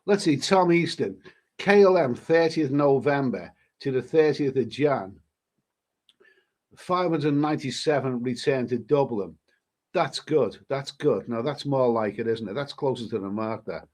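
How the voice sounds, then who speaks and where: A man's voice: medium pitch, a little slow, a little mellow. A man with a cold, rambling casually as a travel vlogger reading out viewer comments, with many restarts. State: stuffy with a cold. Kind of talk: casual live-stream chat.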